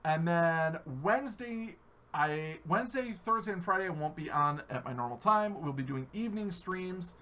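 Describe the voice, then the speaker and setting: An American man hosts a casual live podcast with an animated, joking delivery and frequent swearing. His voice sits fairly high and sounds bright and forceful. The pitch rises and falls in wide, lively swings. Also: moderate pace, a little hiss or hum. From United States. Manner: animated, swears freely, jokey. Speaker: podcast host. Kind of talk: casual live-stream chat.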